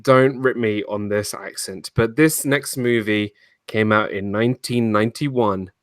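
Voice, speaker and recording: A man's voice: fairly low pitch, fairly even intonation, unhurried, no room sound, studio quality. An American man co-hosting a casual movie chat, talking with gushing enthusiasm. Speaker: podcast co-host.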